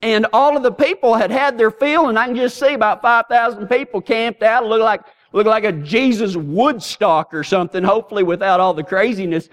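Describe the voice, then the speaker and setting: A man's voice: high-pitched, a little fast, few pauses. A middle-aged man preaching a sermon full of folksy, humorous stories. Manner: folksy, humorous, animated storytelling. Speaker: pastor. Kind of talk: storytelling sermon.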